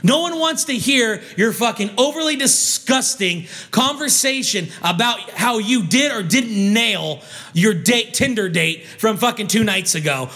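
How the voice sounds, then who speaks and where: A vlogger man on an angry, foul-mouthed rant. His voice sits high and sounds bright and sharp. He keeps tripping over his words as he restarts his sentences in frustration. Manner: heated, swearing constantly, stumbling restarts.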